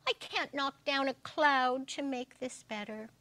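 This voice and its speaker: A woman's voice: high voice, a little slow, bright, forceful tone, no echo. A woman voicing a giant, clumsy, eager purple bird in an earnest, exclaiming storybook reading.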